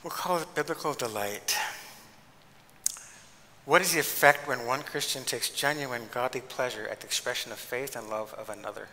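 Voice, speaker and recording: Animated male lecturer in a reverberant hall. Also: mid-range voice, normal speed, a little hiss or hum. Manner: animated, emphatic, acts out quoted speech. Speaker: guest lecturer and pastor. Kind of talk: lecture with storytelling.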